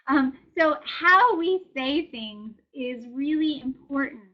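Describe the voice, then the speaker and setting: A woman's voice: sits high, animated, slow, lo-fi sound. A woman presenting a wellness webinar, speaking conversationally and encouragingly with frequent fillers. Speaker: wellness educator.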